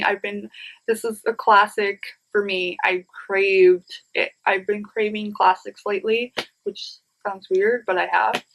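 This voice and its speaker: A woman's voice: on the high side, a bit bright, low-quality recording. Chatty woman showing off a book haul. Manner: chatty and rambling, addresses viewers as "you guys". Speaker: book vlogger. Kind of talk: casual book haul chat.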